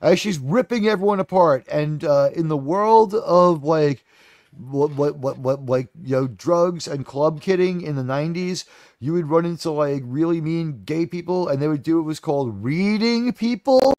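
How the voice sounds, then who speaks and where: A man's voice: on the high side, moderate pace, a little mellow, dry recording, clean studio sound. A man giving a casual, rambling film review, profane and full of fillers. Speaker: movie reviewer.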